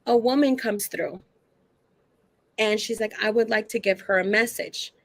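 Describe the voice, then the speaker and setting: A psychic medium chats as a guest, telling stories in a loose, casual style packed with fillers, acting out the dialogue as she goes. Her voice is mid-range and she speaks at a moderate pace.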